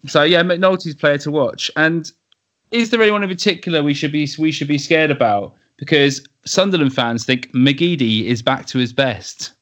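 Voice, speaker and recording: A man's voice: a little high, moderate pace, fairly bright tone. A man hosting a casual football podcast, blunt and swearing, steering the talk between topics. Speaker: podcast host. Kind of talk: casual football fan chat.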